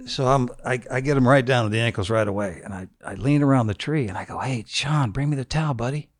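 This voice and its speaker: A man's voice: mid-range voice, quick pace. An older man, a former football player, tells a crude, funny anecdote as a podcast guest in a studio, chuckling as he goes. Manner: laid-back, crude anecdote told with chuckles. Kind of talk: casual storytelling interview.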